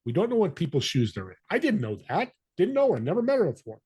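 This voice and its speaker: A man guest on a podcast telling a story, acting out the voices of people in it with lively energy. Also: high voice, fast talker, breathy edge, no room sound. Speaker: podcast guest, business connector. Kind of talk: storytelling interview talk.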